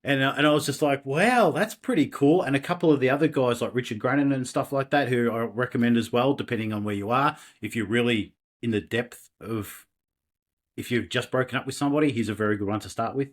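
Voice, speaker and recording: An Australian man, a podcast guest, telling personal stories in a casual, animated way with laughs and restarts. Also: mid-range voice, fast. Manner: animated, laughing, self-deprecating, many restarts. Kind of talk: casual interview storytelling.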